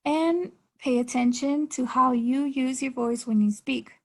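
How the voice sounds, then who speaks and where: A young woman student giving a class presentation, explaining in a halting way with restarts. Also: high-pitched.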